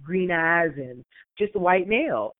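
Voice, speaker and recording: Animated woman telling stories over a tinny line. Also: on the low side, measured pace, no room sound. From Maryland, USA. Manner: animated storyteller who acts out quotes in other voices. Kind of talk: casual chat. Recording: dry, tinny phone-like sound.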